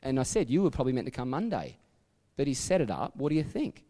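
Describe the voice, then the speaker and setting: This pastor, with an Australian accent, speaks fast in a sing-song, mid-range voice of dark tone, heard in a large hall within a church sanctuary. He preaches a sermon by telling stories conversationally, with plenty of asides and self-corrections.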